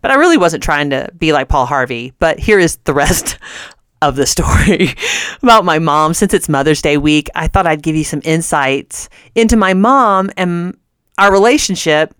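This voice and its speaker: Woman, Christian radio host, earnest storytelling, laughs between words, smooth tone. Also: deep voice, no echo, clean studio sound. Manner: earnest, often laughing mid-sentence.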